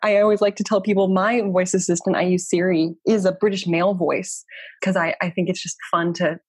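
A woman in her thirties speaks quickly and animatedly as an interview guest, with many casual fillers. Her voice sits a little low and has a husky edge. The recording is dry and close. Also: dry recording. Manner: quick, animated, chatty with frequent "like" and "you know". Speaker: guest researcher and community founder.

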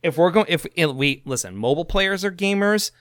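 A man co-hosting a podcast in casual chat, rambling and halting, often laughing. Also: high-pitched, expressive, fairly bright tone, dry recording, studio quality. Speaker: podcast co-host.

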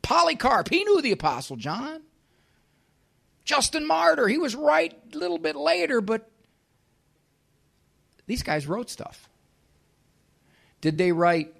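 A man's voice: fairly high pitch, big pitch swings, a little slow, creaky, pauses often. Emphatic sarcastic man giving a talk. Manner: emphatic, sarcastic, rhetorical questions. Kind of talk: live talk to an audience.

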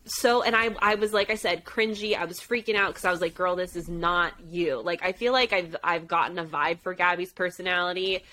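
A young woman co-hosting a podcast, her voice bright and forward. She talks in a chatty, animated way and slips into playful voices to quote people. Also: fairly low pitch, brisk, hardly any pauses, poor audio. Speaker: podcast co-host. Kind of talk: casual chat recapping a dating show.

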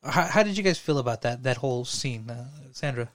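A man co-hosting a podcast, talking casually and excitably, swearing and laughing as he goes. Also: medium pitch, brisk, no echo, clean studio sound. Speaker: podcast co-host. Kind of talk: casual chat.

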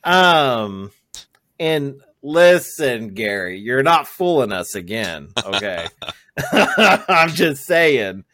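A man hosting a podcast in casual chat, halting and laughing often. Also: mid-range voice, big pitch swings, bright, forceful tone. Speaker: podcast host.

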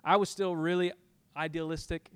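A man's voice: fairly high pitch, level tone, normal speed, clean tone, dry recording. A middle-aged man preaching a sermon as pastor, telling a personal story and acting out his arguments with God, building to impassioned peaks.

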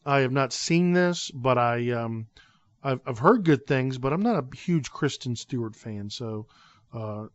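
An easygoing man chats on a casual podcast, often letting his phrases fade out softly. His pitch sits in the middle range. The sound is dry and slightly dull, like lo-fi audio. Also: lively intonation, unhurried, dry recording. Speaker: podcast co-host.

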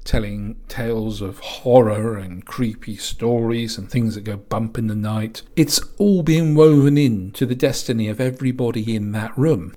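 Guy rambling about an old film, mid-pitched voice, lots of restarts. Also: normal speed, warm tone. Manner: rambling, chatty, with many restarts and asides. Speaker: film reviewer. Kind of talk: casual film review.

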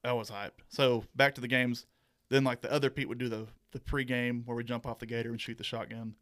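A man's voice: medium pitch, level tone, a little fast, a bit bright. A young man, a university mascot performer, chatting as a guest in an easygoing, rambling way. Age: young adult. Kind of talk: casual interview chat.

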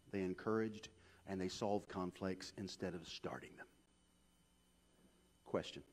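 A man preaching a sermon, swinging from hushed asides to shouted peaks. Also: lowish voice. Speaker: pastor.

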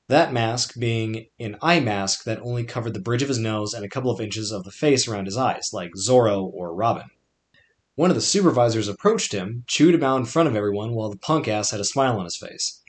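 A young man narrating his own podcast memoir in a wry, conversational way, with dry asides. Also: medium pitch. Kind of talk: scripted personal narration.

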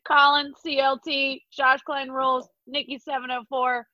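A woman co-hosting a sports podcast, reading thank-yous and the sign-off in an upbeat, brisk way. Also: sits high, flat delivery, dull audio, noisy background. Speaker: podcast co-host.

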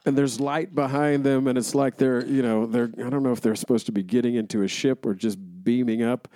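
A man co-hosting a podcast, relaxed, chiming in to fill in details of a movie's plot. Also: mid-range voice, fairly quick, dry recording. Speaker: podcast co-host. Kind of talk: casual chat.

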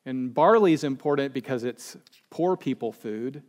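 A man's voice: mid-range voice, expressive, moderate pace, darkish tone. A male pastor giving a casual, conversational sermon with humorous asides and acted-out quotes. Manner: chatty, joking, acts out quoted people.

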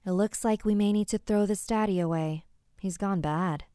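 A woman voicing a cheerful, calmly sinister mother who speaks in a soothing, matter-of-fact way. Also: medium pitch, moderate pace, clean tone, no room sound, studio quality, lightly acted. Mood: cooing.

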